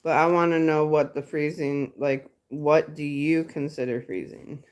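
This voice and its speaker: A woman's voice: sits low, steady tone, a little slow, darkish tone. A woman hosting a casual livestream chat, easygoing, answering comments from viewers. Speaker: livestream host.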